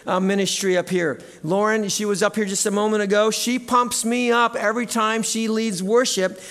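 A man preaching a sermon as pastor in a church, animated and at times shouting out cheers. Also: high-pitched, moderate pace. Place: church sanctuary.

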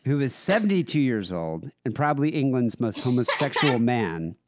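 A man co-hosting a casual podcast, reading listener emails aloud. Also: mid-range voice. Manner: reads emails aloud with lively, shifting delivery. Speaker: podcast co-host.

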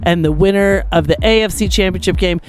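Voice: medium pitch, brisk, soft background music. Hyped playful podcast co-host. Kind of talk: casual chat, sports recap.

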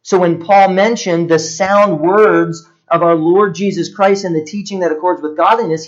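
A pastor delivers his sermon in a slightly raised, earnest voice. He often lets his words sink low and soft on the weighty points. The recording sounds muffled and lo-fi.

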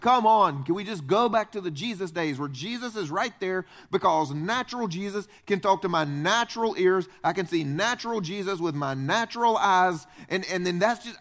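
Animated high-voiced Southern pastor. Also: male voice. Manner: animated, conversational, quotes imagined people. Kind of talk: sermon. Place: church.

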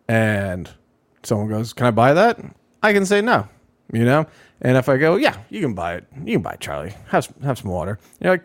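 A man's voice: fairly low pitch, no room sound. A man co-hosting a podcast in casual chat, rambling and acting out quotes in raised voices. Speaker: podcast co-host.

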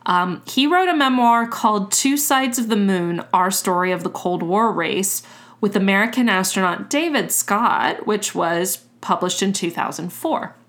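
A woman hosting a podcast, recounting a story in a relaxed, chatty way and swearing casually. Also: medium pitch, measured pace. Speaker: podcast host.

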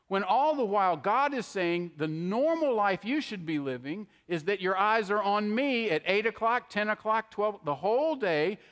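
A man's voice: high voice, a bit bright. A middle-aged man preaching a conversational sermon, often checking in with an "okay?". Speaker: pastor. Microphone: handheld microphone. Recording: long hall reverb.

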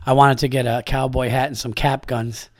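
A man's voice: mid-range voice, flat delivery, moderate pace. A man from upstate New York hosting a comedy podcast in casual chat, rambling and profane, with lots of fillers.

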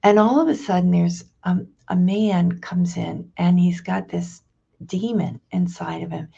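A woman leads a prayer and scripture reflection in a low, gravelly and husky voice. She speaks slowly and thoughtfully, pausing and restarting as she goes. The recording sounds dull and lo-fi. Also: fairly even intonation, mellow. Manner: slow, reflective, with hesitant restarts. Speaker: prayer leader.

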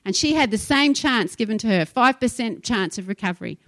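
A woman's voice: a little high, animated, brisk, no room sound. A woman pastor preaching a sermon, emphatic and impassioned, telling stories to her congregation.

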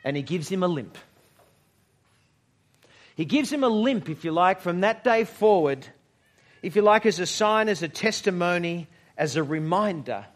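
Male pastor, high-ish voice, reflective sermon delivery with dramatic pauses and soft near-whispered lines. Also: animated. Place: church service.

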